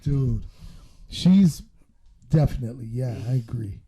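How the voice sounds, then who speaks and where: A podcast co-host from Southwest Detroit tells stories with lots of animation, blunt and profane in a casual show. His medium-pitched voice is expressive and mellow, moving at a measured pace.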